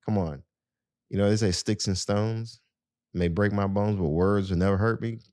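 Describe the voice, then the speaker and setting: Deep-voiced man giving casual advice. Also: fairly even intonation, moderate pace, a little mellow, no echo, studio quality. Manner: conversational, many "you know" fillers, addresses listeners directly. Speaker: podcast host.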